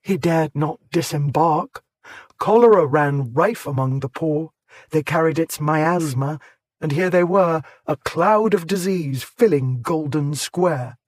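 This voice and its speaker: A man narrating an audiobook in a measured, clear way. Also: fairly high pitch, no echo. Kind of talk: scripted narration.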